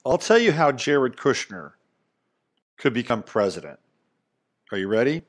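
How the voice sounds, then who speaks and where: A man's voice: medium pitch, big pitch swings, measured pace. Male podcast host, middle-aged, casual emphatic monologue with asides. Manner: rambling, emphatic, conversational, with frequent asides.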